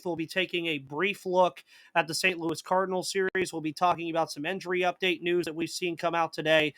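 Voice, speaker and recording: A man's voice: on the high side, sharp tone, dry recording. A man hosting a live sports podcast in casual chat, reading out viewer comments and answering them, with a slight cough. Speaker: podcast host.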